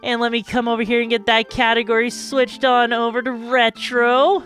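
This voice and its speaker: Her voice is fairly high and fairly bright, with little pitch movement and a normal speed. In casual live-stream chat she comes across bubbly and chatty, answering chat and slipping into rambling asides. Faint music sits behind the dry, close-miked sound.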